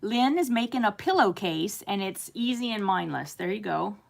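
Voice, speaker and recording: With vocal fry in her medium-pitched, expressive voice, a middle-aged American woman hosts a casual live stream at a moderate pace. She reads the chat aloud and talks with her viewers warmly, laughing a lot and filling her speech with fillers.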